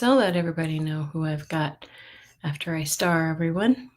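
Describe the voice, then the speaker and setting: A woman's voice: low-pitched, moderate pace. A middle-aged woman hosting a psychic live stream, chatting casually and greeting viewers by name. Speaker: psychic livestream host.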